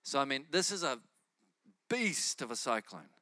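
A man preaching and telling a testimony story in an animated way, often laughing as he talks. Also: mid-range voice, normal speed, no room sound, clean studio sound.

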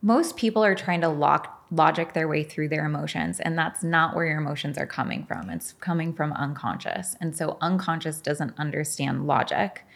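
A woman's voice: low voice, lively intonation, moderate pace, vocal fry, hardly any pauses. A middle-aged woman being interviewed as a podcast guest, telling her story frankly and with animation, swearing and laughing often.

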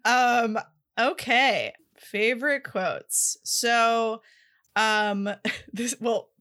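A woman co-hosting a casual movie chat, calmly retelling scenes in detail. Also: fairly high pitch, very slow.

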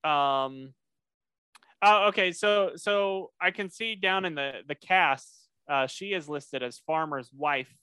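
A man's voice: fairly high pitch, slow pace, pushed and bright, clear, resonant tone, dry recording. A man co-hosting a casual podcast, recapping a cartoon episode in a rambling way with many fillers and restarts.

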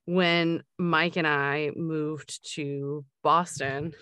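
A woman's voice: deep voice, steady tone, very slow, pushed and bright, clear, resonant tone, dry recording, studio quality. A woman co-hosting a podcast, chatting casually, going off on tangents with many fillers. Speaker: podcast co-host. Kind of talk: casual chat.

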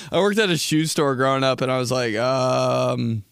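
A man's voice: mid-range voice, slow, vocal fry, a bit bright, smooth, no echo. Laughing, rambling young man in a dry studio. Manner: rambling, laughs often, says dude and bro. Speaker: podcast host. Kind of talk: casual comedic monologue.

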